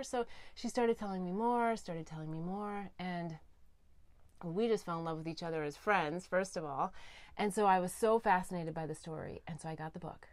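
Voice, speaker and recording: A woman hosting a talk show, telling a story to her guest with eager energy and sometimes sinking to a soft hush for heartfelt points. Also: fairly low pitch, moderate pace, no echo. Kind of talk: animated interview storytelling. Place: recording studio.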